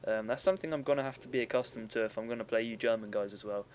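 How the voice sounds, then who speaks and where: A man's voice: on the low side, very fast, a little mellow, a little hiss or hum. A young man giving casual, rambling commentary over a recorded strategy game battle, often stopping to correct himself.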